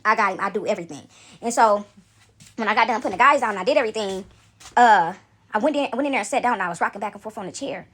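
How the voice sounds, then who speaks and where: A woman's voice: mid-range voice, rapid-fire, fairly bright tone, husky. A woman casually telling a story to her viewers, chatty and talking straight to them. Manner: chatty, addresses viewers as y'all.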